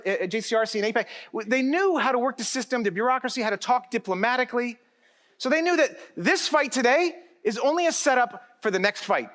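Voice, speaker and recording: A man's voice: high voice, fairly bright tone. A middle-aged man giving a conference keynote speech, talking directly to the audience and joking with them.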